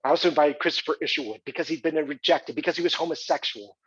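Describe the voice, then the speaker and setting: A man's voice: on the high side, quick pace, fairly bright tone, husky. An actor playing a wealthy, boastful male arts patron in a theatrical monologue. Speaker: actor in a one-man stage play. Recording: dull lo-fi recording.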